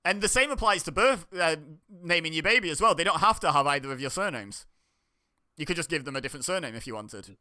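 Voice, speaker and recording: A man's voice: on the high side, animated, quick pace, bright, forceful tone. A British man hosting a casual chat over a call, rambling and laughing often. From United Kingdom. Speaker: host.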